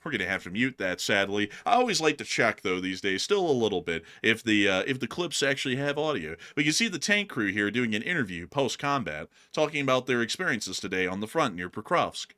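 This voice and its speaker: A man with a mid-range voice talks a little fast with few pauses while co-hosting a casual news commentary stream. He jokes over war video clips, animated and laughing, and bursts into silly voices.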